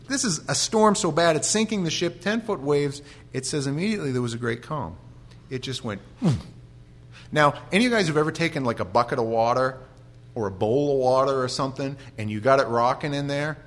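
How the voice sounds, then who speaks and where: A male pastor giving an animated sermon with humorous stories and frequent restarts. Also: medium pitch, a little fast.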